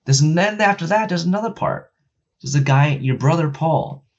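A man with a fairly high-pitched voice tells a video game story at a moderate pace, rambling and cursing amid many fillers in casual conversation. He acts out what the characters say and becomes loud and excited as he makes his points. The audio quality is lo-fi.

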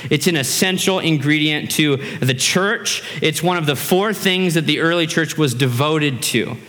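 Male pastor, 30s, bright and fairly high voice, animated conversational sermon in a reverberant hall. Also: unhurried.

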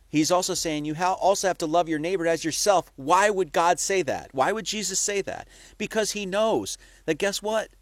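A man's voice: on the high side, no room sound. A man giving a casual, conversational sermon, full of rhetorical questions and profane asides. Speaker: preacher.

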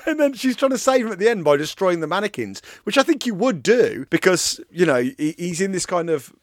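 A man co-hosting a casual podcast chat about a film, animated and quick to laugh, acting out lines as he goes. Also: sits high, dry recording, clean studio sound. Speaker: podcast co-host.

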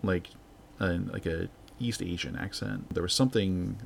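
A man's voice: low-pitched, moderate pace, creaky, slight background noise. A man co-hosting a podcast, talking through his thoughts in a casual, searching way. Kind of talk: casual discussion.

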